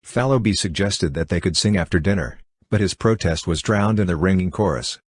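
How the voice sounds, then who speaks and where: Male audiobook narrator, steady and even, low husky voice, dry recording. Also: fairly quick, dry recording. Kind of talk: scripted narration.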